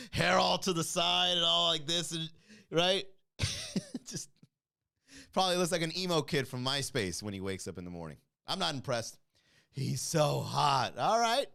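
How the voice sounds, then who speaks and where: A man's voice: on the high side, vocal fry. A man hosting a comedy podcast livestream, teasing and laughing as he reads out chat comments. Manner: animated, teasing, quick to laugh.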